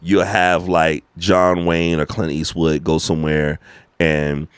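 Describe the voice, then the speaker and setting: An American man chatting as a podcast guest, animated and emphatic, swearing freely as he tells stories. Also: sits low, slow, clean tone, no echo. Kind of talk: casual conversation.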